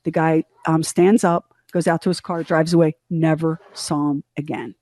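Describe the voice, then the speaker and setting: Middle-aged woman, podcast co-host, candid animated storyteller, mellow tone, dry studio sound. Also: low-pitched, moderate pace, no echo. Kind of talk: storytelling in casual chat.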